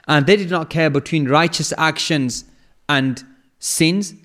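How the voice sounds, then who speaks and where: Measured man explaining scripture, higher-pitched voice. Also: a bit bright. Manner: measured, repeats phrases for emphasis, recites in Arabic. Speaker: Quran lecturer. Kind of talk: explanatory religious lecture.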